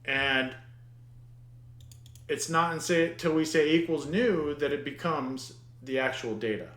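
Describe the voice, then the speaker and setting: A man's voice: fairly high pitch, slow, a bit bright, echoey room. Man muttering through a coding lesson. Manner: thinks aloud, mutters at the code, restarts words. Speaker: programming instructor. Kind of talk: screen-recorded coding lesson.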